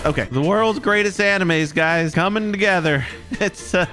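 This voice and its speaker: A man giving excitable, joking commentary on a sandbox game, laughing often. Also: sits high, moderate pace, music in the background. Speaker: gaming YouTuber.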